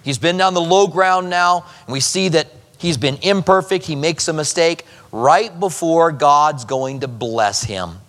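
A male pastor reads scripture aloud and explains it to his congregation in a relaxed, conversational teaching manner. His voice sits a touch higher than most men's. The sound trails into the long reverb of a large hall. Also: measured pace. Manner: teaching verse by verse, conversational asides. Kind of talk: expository sermon.

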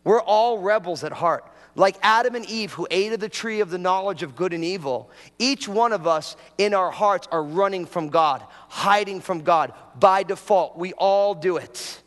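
A man's voice: sits high, fairly bright tone, long reverb tail. A man preaching a sermon as pastor, talking casually and drawing the congregation in with prompts and jokes.

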